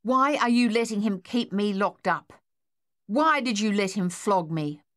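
Woman voicing a defiant teenage boy in a storybook, low pitch, sulky. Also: measured pace, a bit bright, no echo, studio quality. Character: sullen defiant teenage boy locked in room.

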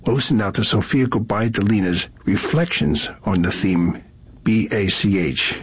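A man hosting a classical music radio program, explaining pieces in a measured, scripted manner. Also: lowish voice, breathy edge.

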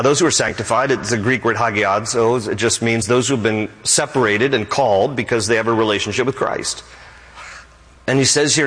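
A man's voice: mid-range voice, fairly bright tone, long reverb tail, rough recording. A man pastor preaching a sermon with emphatic, climbing exclamations.

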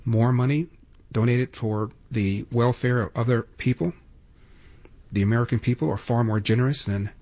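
A man's voice: medium pitch, darkish tone, husky. A male radio talk show host giving opinionated, sarcastic political commentary and taking calls.

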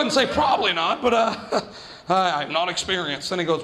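A man doing stand-up, telling a story in an animated way and jumping into quoted voices. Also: high voice, fast, big-room sound, a little hiss or hum. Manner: animated, acts out quoted voices with big jumps. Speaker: stand-up comedian.

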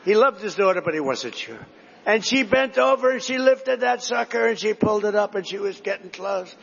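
A man's voice: high-pitched, animated, brisk, gravelly, fairly bright tone, husky, in a large hall, dull audio. A man giving a rambling, repetitive rally speech, drifting between stories. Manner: rambling, digressive, repetitive storytelling to a crowd. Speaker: political speaker at a rally.

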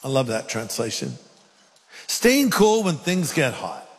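A man preaching a sermon, speaking emphatically and reading scripture aloud with dramatic pauses. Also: medium pitch, wildly swooping pitch, husky, long reverb tail.

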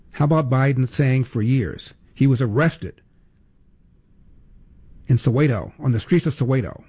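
A man's voice: medium pitch, dark tone, husky. A male talk radio host delivering sarcastic, emphatic political commentary with pointed repetition.

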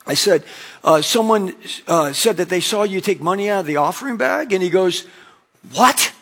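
A pastor delivers a sermon in a relaxed, conversational way, often slipping into quick acted-out exchanges. His voice sits fairly high for a man. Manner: conversational preaching with acted-out anecdotes.

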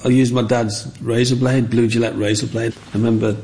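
This man speaks in a level, mid-range voice with a darkish tone and a brisk pace. He's being interviewed and recalls stories from when he was a kid, imitating the voices of other children he quotes.

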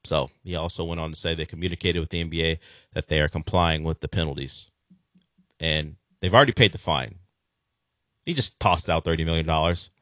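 Male sports show host with a deep voice, casual and wry, recorded dry. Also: fairly quick, fairly bright tone, no room sound. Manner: wry, sarcastic asides; conversational, with frequent fillers and restarts.

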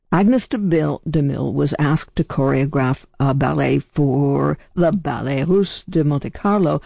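A woman radio host with a gravelly voice, giving the weather and chatting about music with a conversational manner. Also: sits low, dark tone, no room sound. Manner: conversational, with restarts. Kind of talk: casual radio hosting.

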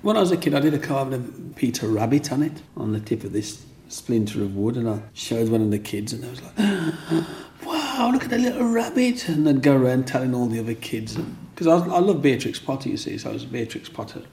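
Gravelly older Englishman, rambling. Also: medium pitch, fast talker, few pauses, mellow, slight background noise. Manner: rambling, with restarts and "you know what I mean". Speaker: interviewee. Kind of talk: storytelling.

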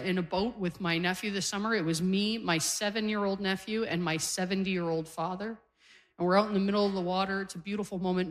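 A Canadian woman in her forties doing a stand-up comedy set on stage, telling self-deprecating jokes in a conversational way. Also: medium pitch. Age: 40s. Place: comedy stage with a live audience.

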